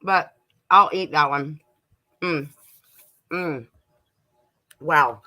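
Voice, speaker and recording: A middle-aged woman chats casually on a homestead livestream from her kitchen. Her voice sits on the low side yet sounds bright and forward. She talks easily to viewers, laughing and snacking as she goes. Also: very slow, lo-fi sound. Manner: chatty, laughs and munches while talking to viewers.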